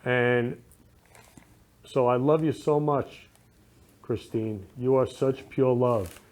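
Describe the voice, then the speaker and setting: A man's voice: mid-range voice, takes it slowly, darkish tone. A man hosting a casual talk show, gushing and sentimental, showering guests and viewers with affection. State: emotional, near tears. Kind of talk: casual live show chat.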